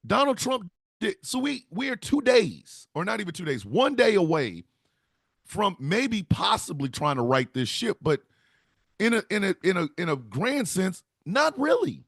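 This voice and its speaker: A man hosting with an animated comedic monologue, laughing as he riffs. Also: high-pitched, measured pace, gravelly, dry recording, clean studio sound. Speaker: comedic host.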